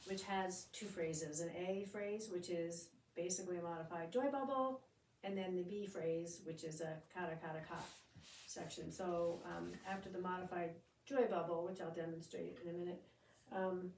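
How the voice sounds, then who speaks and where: A woman's voice: fairly low pitch, fairly even intonation, moderate pace, darkish tone, recorded from a distance, slight background noise. A woman teaching a drum part, explaining each section and chanting the drum syllables and counts aloud. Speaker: drumming instructor. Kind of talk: step-by-step music lesson. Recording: echoey room, voice off-mic.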